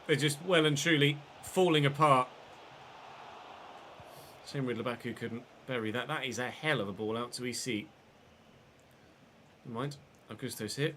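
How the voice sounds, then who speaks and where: A man with a cough, streaming a football game and commentating live, excitable and swearing freely while chatting to viewers. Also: mid-range voice, normal speed, long pauses, a little hiss or hum. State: unwell, coughing. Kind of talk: live gameplay commentary and casual chat.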